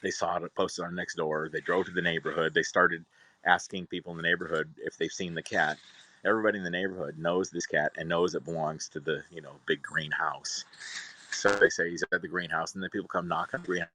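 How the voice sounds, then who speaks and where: A cat owner vlogger with a low, fairly even voice tells a rambling, exasperated story about his cat at a brisk clip, his tone sharp and the recording rough. He's chatty and casual, now and then breaking off to call to his pets.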